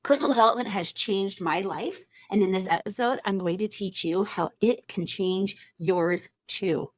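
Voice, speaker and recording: An upbeat woman in her thirties hosts a motivational podcast, gushing with thanks and exclamations. Her voice sits at an everyday middle pitch. It is recorded dry and close, with no room sound. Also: normal speed, dry recording. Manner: gushing, effusive, lots of "oh my gosh". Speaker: podcast host.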